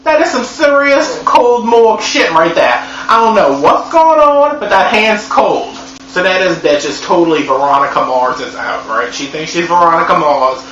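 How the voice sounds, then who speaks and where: A man reviewing a movie in a sassy, profane, animated comedy recap. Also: sits high, normal speed. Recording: echoey room, dull lo-fi sound, faint hum.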